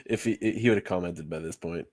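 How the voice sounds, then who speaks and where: A man's voice: deep voice, brisk, a little mellow, no room sound, clean studio sound. A man chatting on a stream, amused and chiming in with short remarks. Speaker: stream participant. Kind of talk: casual chat.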